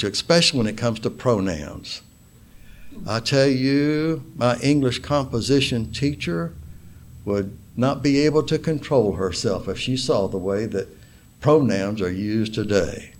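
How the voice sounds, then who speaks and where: A man preaching a sermon in a slow, deliberate way, stressing single words and reading scripture aloud. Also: medium pitch. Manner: reads scripture aloud in King James wording.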